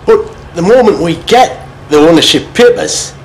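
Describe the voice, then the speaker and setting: A man's voice: high-pitched, lively intonation, normal speed, slight background noise. A man playing a decent working man who voices his doubts earnestly.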